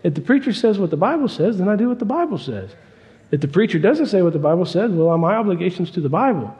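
An earnest, devout man laying out his convictions plainly, as a preacher puts him on. The voice is warm and mellow. It rings out in a reverberant hall. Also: sits high, big pitch swings, fast.

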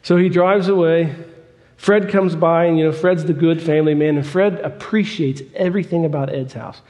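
A man's voice: on the high side, steady tone, moderate pace, darkish tone, in a large hall. A man preaching a storytelling sermon in a folksy, repetitive and emphatic way.

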